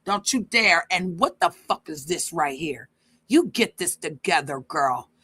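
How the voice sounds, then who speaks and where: A woman's voice: low voice, expressive, measured pace, a bit bright, husky. A woman hosting a stream, giving blunt, profane reaction commentary straight to her viewers. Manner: brash, blunt and profane, addresses viewers directly.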